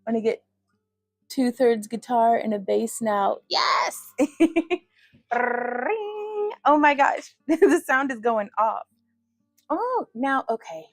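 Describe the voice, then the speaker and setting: A woman's voice: fairly high pitch, very animated, slow pace, no room sound, soft background music. A woman hosting a casual livestream, chatty and giggly, often laughing at herself. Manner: giggly, chatty, self-deprecating. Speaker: livestream host.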